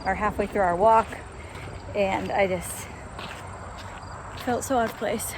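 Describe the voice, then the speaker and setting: A woman's voice: medium pitch, fairly even intonation, takes it slowly, background noise. A young woman from upstate New York chatting casually to her camera while she walks a country road, amused and laughing at herself. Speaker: vlogger. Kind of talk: casual vlog narration.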